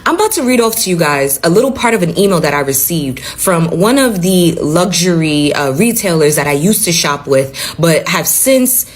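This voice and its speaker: A woman's voice: on the low side, normal speed, hardly any pauses. A woman hosting a commentary channel, talking bluntly and with swearing, reading emails and news aloud. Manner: blunt, profane, animated storytelling. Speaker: commentary host. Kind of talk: casual commentary.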